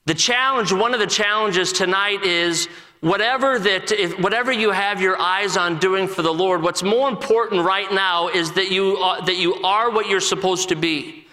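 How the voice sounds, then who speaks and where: A man in his forties gives an earnest testimony from the pulpit, his voice bright and forceful and a little high for a man. He halts and restarts often. A long reverb from the church hall hangs behind his words. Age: 40s. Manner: earnest, halting with many restarts. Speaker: assistant pastor. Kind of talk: personal testimony sermon.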